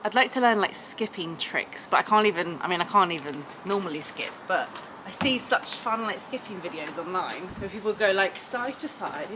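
A woman in her thirties chatting excitedly to her camera at home, her talk full of "like" fillers. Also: medium pitch, normal speed. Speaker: lifestyle vlogger. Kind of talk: casual vlog chat to camera. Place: home, kitchen and upstairs rooms. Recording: roomy home audio with background noise.

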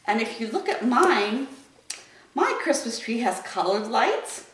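A woman leading a story time, reading picture books aloud to children in an animated, sing-song way. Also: fairly high pitch, normal speed. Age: adult. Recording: roomy echo, voice from a distance.

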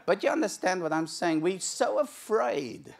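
A man's voice: high voice, sing-song, normal speed, creaky. A middle-aged man preaching a sermon in a church, telling the story with animation and acting out the characters' lines. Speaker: pastor. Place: church sanctuary.

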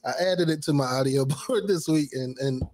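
A man's voice: mid-range voice, normal speed, a little mellow, slight background noise. A man co-hosting a comedy podcast, teasing and laughing in casual chat. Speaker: podcast co-host and producer.

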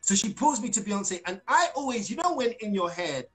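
British man, singer, casual live-stream storytelling, animated, fillers and restarts, faint music behind. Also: high-pitched, brisk, poor audio. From Britain. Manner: animated, acts out quotes, lots of fillers and restarts. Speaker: singer telling stories as a guest.

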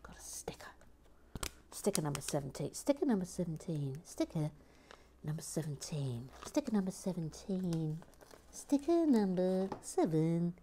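A woman with a slightly low voice hosts a relaxed building stream in casual chat. She murmurs and half-whispers to herself while she works, then brightens to read out viewers' comments. Her tone is playful and affectionate. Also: normal speed, a little hiss or hum. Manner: soft-spoken, often drops to a murmur or whisper, then perks up; fond and playful, repeats words to herself. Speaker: host building a toy set on a live stream.

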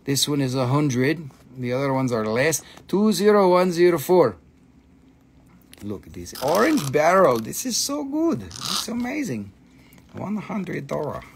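Fired-up guy doing a rock sale livestream, swears a ton, kinda high voice, jokes with chat. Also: measured pace, creaky, a little hiss or hum. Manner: excitable, profane, joking with viewers. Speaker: host selling minerals on a livestream. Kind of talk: casual live sales chat.

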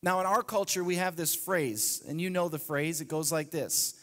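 Man preaching, high voice, animated and emphatic, long church hall reverb. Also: normal speed. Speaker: pastor. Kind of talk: sermon. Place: church sanctuary.

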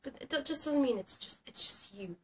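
A woman's voice: sits high, lively intonation, brisk. A young woman who is sick, ranting sarcastically in a casual vlog and swearing often. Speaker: vlogger. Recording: distant camera mic with faint hiss.

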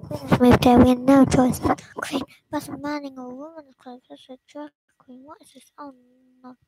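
A woman's voice: high voice, level tone, moderate pace, mellow, rough recording. A woman host casually reading a film script aloud, stumbling and restarting, sometimes dropping to a whisper. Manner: stumbling read-through with restarts and whispered asides. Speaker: channel host.

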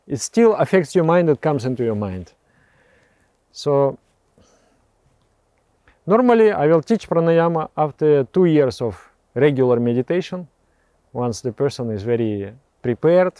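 A man teaching meditation, explaining breathing practice in a halting way, often repeating words and restarting phrases, with soft laughs between remarks. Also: medium pitch, no room sound.

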